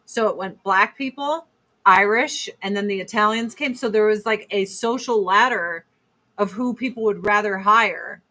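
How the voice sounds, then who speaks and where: A woman's voice: mid-range voice, moderate pace, bright, forceful tone, slight background noise. Female host, 40s, blunt and rambling, swears freely, casual chat stream voice.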